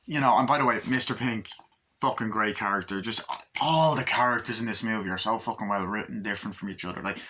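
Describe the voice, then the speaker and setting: A man giving a casual movie review, excited, swearing a lot and acting out scenes as he goes. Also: fairly low pitch, fast talker, slight background noise. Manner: excited, profane, acts out scenes.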